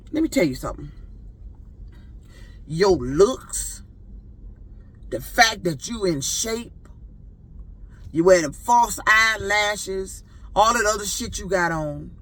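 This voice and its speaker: A rideshare driver in their fifties vents in a storytime vlog. The voice is bright and slightly husky. It swoops animatedly through each profane, indignant complaint. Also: mid-range voice. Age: 50s.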